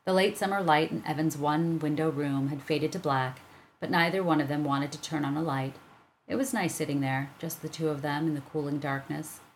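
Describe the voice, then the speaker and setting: Low-voiced woman reading a story. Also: brisk, a little hiss or hum. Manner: calm, even storytelling. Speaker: narrator. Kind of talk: reading a children's chapter book aloud.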